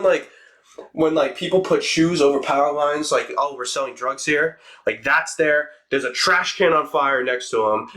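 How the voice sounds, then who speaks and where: Bright-voiced young man telling a story. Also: a little high. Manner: fast, animated, swearing, acts out quotes. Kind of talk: casual storytime vlog.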